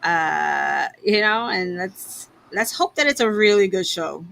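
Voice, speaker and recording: A woman co-hosts a podcast with a bright, sharp voice. She chimes in with short, upbeat remarks over faint background noise. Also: medium pitch, lively intonation, slow pace, vocal fry. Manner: brief, upbeat interjections. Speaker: podcast co-host. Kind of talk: casual chat.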